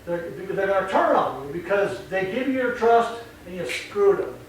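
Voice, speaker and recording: High-voiced man explaining in an echoey room. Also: moderate pace. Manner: animated, acts out voices mid-sentence. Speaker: dog trainer. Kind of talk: casual explaining. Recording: echoey room, distant mic, faint noise.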